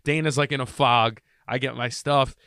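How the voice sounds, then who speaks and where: Animated storytelling male podcast host. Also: medium pitch, normal speed, vocal fry, dry recording, studio quality. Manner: animated storyteller, acts out voices in his tale. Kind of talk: casual chat.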